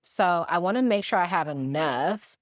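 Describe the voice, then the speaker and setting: A young woman from Milwaukee chatting to her viewers while she cooks in her home kitchen, animated and laughing easily. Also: lowish voice, normal speed, no room sound, clean studio sound. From Milwaukee, Wisconsin, USA. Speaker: cooking vlogger. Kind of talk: casual chatty cooking vlog.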